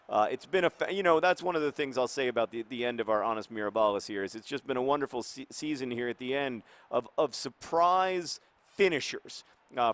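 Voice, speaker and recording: A man giving casual commentary over a football video game, playing the club's manager in a hesitant, rambling way with many fillers. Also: medium pitch. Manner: earnest mock-manager tone.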